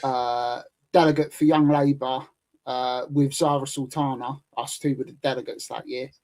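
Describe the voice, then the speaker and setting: A man's voice: medium pitch, flat delivery, normal speed, darkish tone, low-quality recording. A British man in his thirties, talking as a guest in a loose, chatty way with plenty of fillers. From United Kingdom. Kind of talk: casual chat.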